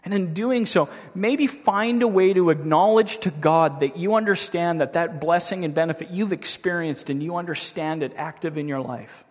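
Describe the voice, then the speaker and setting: Male pastor, earnest and reflective sermon delivery, voice a bit high, echoing church sanctuary. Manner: earnest, reflective, slows down when reading scripture.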